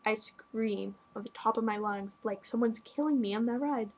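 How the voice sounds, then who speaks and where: A teenage girl hosting a casual podcast, bubbly and gushing with quick asides. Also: a little high, a little mellow, rough recording. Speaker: podcast host. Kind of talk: casual chat.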